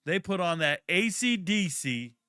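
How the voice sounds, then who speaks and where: A young man hosting a live draft watch party, chatting casually and telling stories in a slangy, profane, animated way with sudden loud outbursts. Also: sits high, a little slow, dry recording, studio quality. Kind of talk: casual live commentary and storytelling.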